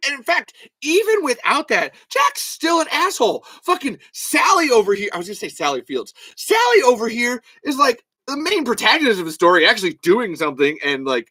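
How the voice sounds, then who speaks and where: A man with a high, bright voice hosts a solo podcast, ranting fast and swearing freely. His delivery swings into loud bursts as he argues his point. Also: huge pitch swings, slightly rough, dry recording. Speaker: podcast host. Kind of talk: solo podcast rant reading comments.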